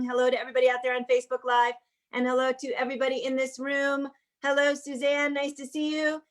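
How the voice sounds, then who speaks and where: High-voiced woman hosting a livestream. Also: fairly bright tone. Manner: friendly, greets viewers one by one by name. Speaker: host of an online sing-along. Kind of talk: casual welcoming livestream greetings.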